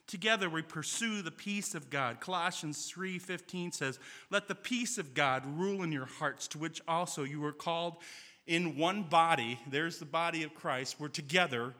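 A man's voice: fairly high pitch, moderate pace, pushed and bright, big-room sound. A man preaching a sermon in a church sanctuary, earnest and telling stories with quoted dialogue.

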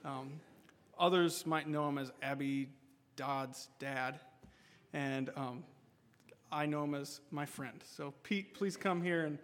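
A man's voice: fairly high pitch, slow pace, fairly bright tone. A man at a church service introducing the guest speaker in a friendly, informal way. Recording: church hall reverb.

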